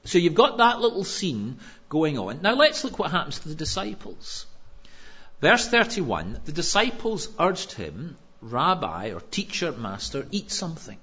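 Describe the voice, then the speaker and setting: Husky, lively male preacher. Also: fairly high pitch, a little slow, lo-fi sound. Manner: lively, conversational storytelling with humor. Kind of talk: sermon.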